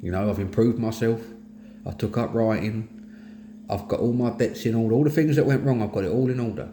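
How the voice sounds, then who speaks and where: A middle-aged man with a London Cockney accent speaks in a low, mellow voice, plain-spoken and earnest. The sound is echoey, as if recorded in a bare room, with a faint hiss underneath. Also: brisk. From East London, England. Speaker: host of a mental health talk. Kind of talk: candid personal monologue.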